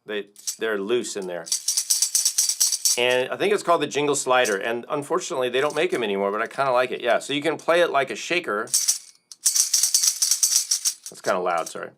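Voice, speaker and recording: A man's voice: mid-range voice, lively intonation, fairly quick, pauses often. An American man hosting a casual music livestream, rambling and joking, with plenty of fillers and restarts. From United States. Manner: rambling, joking, with many fillers and self-corrections. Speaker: livestream host and drum teacher.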